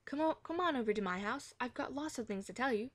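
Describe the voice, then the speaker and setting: A woman's voice: on the high side, lively intonation, quick pace, a bit bright, no room sound, voice pushed up. A woman voicing a stubborn, jealous young schoolgirl in a children's story read aloud. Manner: earnest and stubborn.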